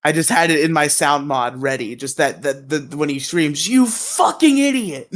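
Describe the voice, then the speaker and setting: A man's voice: fairly high pitch, fairly even intonation, normal speed, fairly bright tone. A man co-hosting a podcast in casual chat, opinionated and swearing, laughing easily. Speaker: podcast co-host.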